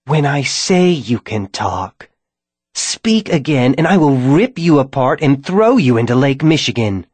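A man voicing a shriveled, cruel female vampire with a ragged, rasping voice, speaking slowly and threateningly. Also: medium pitch, very animated, darkish tone, dry recording, pitched above the performer's own voice. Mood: menacing. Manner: slow, threatening, drawn-out.

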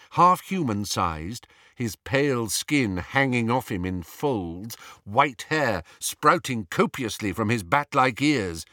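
A man narrates a novel with measured, expressive storytelling. His delivery is unhurried, with a lively pitch that rises and falls. The tone is bright and the recording is dry. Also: no room sound. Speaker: audiobook narrator. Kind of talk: scripted narration.

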